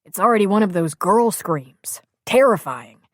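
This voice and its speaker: A woman voicing a friendly, easygoing married man who jokes in a relaxed way. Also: fairly low pitch, moderate pace, dry recording, clean studio sound. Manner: joking, relaxed.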